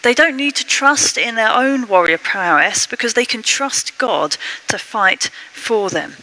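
Bright-voiced woman curate preaching. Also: measured pace, rough recording. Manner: expressive, acts out the quotes with rising pitch. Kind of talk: sermon.

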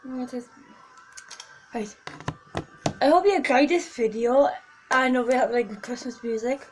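A woman's voice: high voice, unhurried, darkish tone, slight background noise, rough recording. A teenage girl vlogging casually, chatty and gushing as she talks through photos on her phone. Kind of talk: casual vlog chat.

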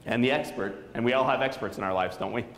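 A man's voice: medium pitch, quick pace, a bit bright. A man in his thirties giving an inspirational keynote speech at a school, telling a story dramatically and quizzing the audience. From Saint Louis area. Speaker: motivational speaker. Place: school auditorium. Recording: echoey hall.

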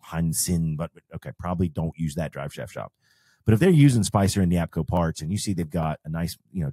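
An off-road shop owner co-hosting a podcast gives casual advice, walking through off-road parts one step at a time. His voice sits low with a dark tone, recorded in clean studio sound without echo.

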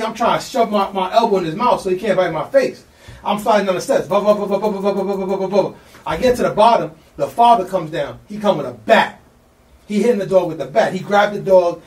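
Fast-talking New man telling a story. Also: high voice, echoey room, distant mic. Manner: excited, slangy, acts out the people in his story. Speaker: podcast guest. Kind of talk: animated storytelling.

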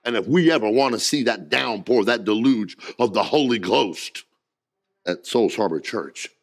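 A male pastor delivers a sermon in a voice with a gravelly, creaky grain. His speech is folksy and plain. He sinks into quiet storytelling and then builds up to shouted preaching. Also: on the low side, lively intonation, normal speed. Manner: folksy, says "ain't" and "gotta".

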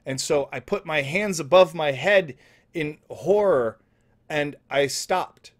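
A young man telling an absurd story in deadpan, rambling comedy style, with restarts and asides, sometimes dropping to mumbles and sometimes rising to loud outbursts. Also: a little high, takes it slowly. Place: indoor home setup, streaming.

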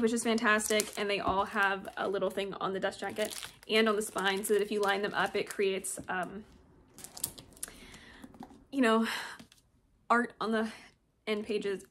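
With a bright, forceful, mid-range voice and a little hiss or hum in the audio, a young woman presents her book haul in a casual vlog. The booktuber chats and gushes as she goes, reading blurbs out loud.

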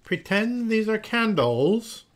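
A man voicing a stern, theatrical woman ballet teacher who gives brisk, dramatic commands while reading a storybook aloud. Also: sits high, very animated, pitched above the performer's own voice, heavily acted. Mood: commanding.

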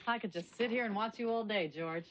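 A woman's voice: medium pitch, brisk, lo-fi sound, natural voice. An actress playing a flirty New York socialite woman who talks in a chatty, gushing, rambling way. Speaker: acquaintance who bumps into a friend while shopping. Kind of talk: 1990 film romantic comedy acting.

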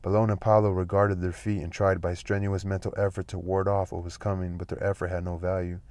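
A man reading a novel aloud at a steady, unhurried pace, with occasional slips and restarts. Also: low-pitched, dry recording. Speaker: audiobook reader.

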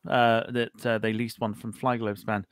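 A man's voice: lowish voice, flat delivery, moderate pace, smooth, dry recording. A man hosting a podcast, chatting casually and reading out viewer comments, joking and stumbling over words now and then. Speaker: podcast host.

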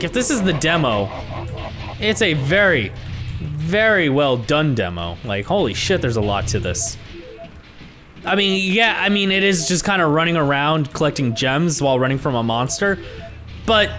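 Young guy yelling and cussing thru a horror game, high bright voice, faint music behind. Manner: excitable, swears a lot, yells when startled. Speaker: gaming YouTuber. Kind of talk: let's-play commentary.

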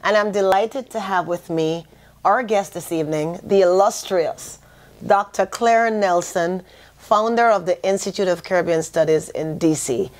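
A woman's voice: on the low side, normal speed, a little mellow. A woman hosting a talk show who interviews her guest in an upbeat, effusive way.

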